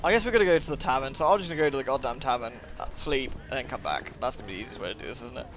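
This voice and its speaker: A man's voice: mid-range voice, racing, a bit bright. A man casually commenting on a game he is playing, muttering to himself as he goes. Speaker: game streamer. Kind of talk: casual live-stream commentary. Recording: game music playing behind.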